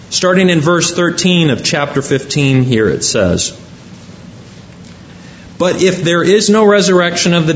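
Man, preacher, sermon, scripture reading, slightly raised pitch, muffled recording. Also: slight background noise. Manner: reads scripture aloud then explains it point by point.

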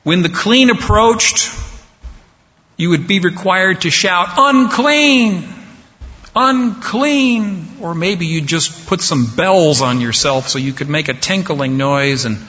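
A man preaching a sermon slowly and deliberately, pausing for effect. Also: fairly high pitch, fairly bright tone. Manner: slow, deliberate preaching with dramatic pauses. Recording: dull sound with long hall reverb.

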